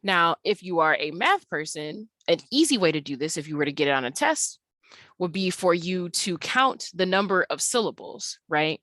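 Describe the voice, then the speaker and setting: A woman's voice: fairly low pitch, very animated, moderate pace, a bit bright, no echo. A woman teacher giving a recorded online lesson, speaking patiently and drawing out key words as she explains, recorded on a webcam. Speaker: English teacher.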